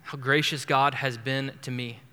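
Earnest preacher with a bright voice. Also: male voice, mid-range voice, steady tone, moderate pace, clear, resonant tone, in a large hall. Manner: earnest, emphatic, repeats words as he builds a point. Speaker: pastor. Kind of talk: expository sermon. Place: church sanctuary.

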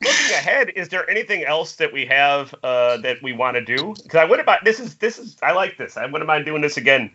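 A man's voice: fairly high pitch, very animated, brisk, hardly any pauses, bright, forceful tone, dull audio, slight background noise. A man who narrates the table read, chatting on a video call with enthusiasm and a bit of stumbling. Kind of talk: casual chat.

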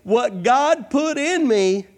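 A man's voice: extremely high pitch, lively intonation, slow pace. A man preaching a fervent sermon, repeating "come on" and "I'm telling you" as he presses his points. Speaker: pastor.

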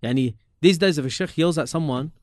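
A man, telling stories from his student days in a casual, animated way, often repeating himself and dropping in Arabic religious terms. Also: a little high, a little fast, dry recording, clean studio sound. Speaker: podcast guest recalling his teachers. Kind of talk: casual storytelling chat.

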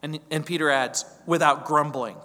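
High-voiced pastor preaching in a reverberant hall. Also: male voice, moderate pace, sharp tone. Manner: emphatic, builds repeated phrases and rhetorical questions. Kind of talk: verse-by-verse sermon.

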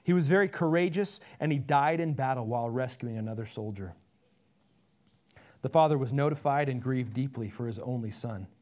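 A man's voice: mid-range voice, normal speed, darkish tone. A male pastor telling an illustration story and closing his sermon with earnest appeals.

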